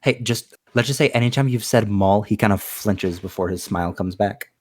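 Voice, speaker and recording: A man with a lowish voice talks through his character's reactions in loose, rambling sentences. He pads his explanations with likes and ums in casual table chat. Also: normal speed. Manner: rambling, explains with many fillers. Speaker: player.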